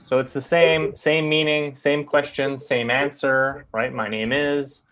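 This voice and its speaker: A man's voice: medium pitch, steady tone, measured pace, a bit bright. A man teaching an English grammar class, explaining patiently and checking often with "right?".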